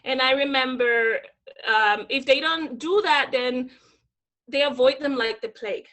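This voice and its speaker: A woman in her thirties from the Dominican Republic talks as a podcast guest. She is lively and animated, and her voice is high and bright. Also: measured pace. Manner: energetic, animated storyteller. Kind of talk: casual interview conversation.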